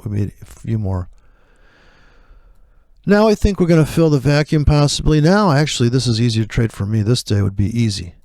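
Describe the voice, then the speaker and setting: A man's voice: medium pitch, expressive, a little fast, darkish tone, dry recording, studio quality. A man giving blunt, profane commentary on his live trades, rambling through asides.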